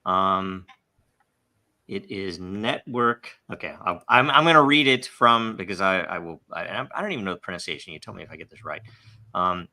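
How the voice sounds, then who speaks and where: A man hosting a podcast in casual chat, halting and rambling with many fillers and restarts. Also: low-pitched, pushed and bright. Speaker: podcast host.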